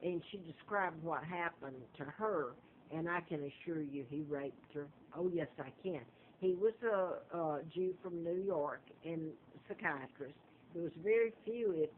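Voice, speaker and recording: A woman from Alabama, telling a rambling personal monologue full of fillers and restarts. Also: deep voice. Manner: digressive, halting, many fillers and restarts. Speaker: vlogger. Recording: tinny lo-fi phone-like audio with faint noise.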